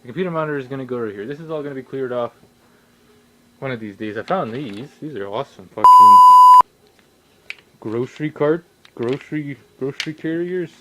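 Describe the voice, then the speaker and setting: A young man rambling casually in his home workshop, swearing a lot and breaking into sudden loud outbursts. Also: mid-range voice, expressive, fairly quick, pauses often, heavy background noise. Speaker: vlogger.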